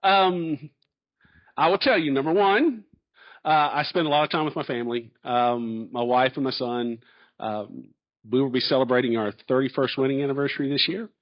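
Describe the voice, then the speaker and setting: A man's voice: mid-range voice, moderate pace. A middle-aged man, a candidate answering questions in a public forum in a folksy, storytelling way. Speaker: chancellor candidate. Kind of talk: public Q&A presentation. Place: large hall. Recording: dull lo-fi audio.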